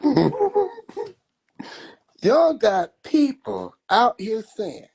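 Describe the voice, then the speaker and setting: A man's voice: very high voice, huge pitch swings, extremely slow, long pauses, a little mellow, breathy edge. A man chatting casually on a phone livestream, loose and profane, laughing often. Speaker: livestream host.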